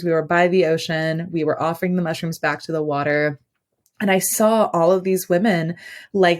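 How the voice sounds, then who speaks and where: A woman guest on a podcast, telling a personal story in a rambling, casual way, full of fillers and restarts. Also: lowish voice.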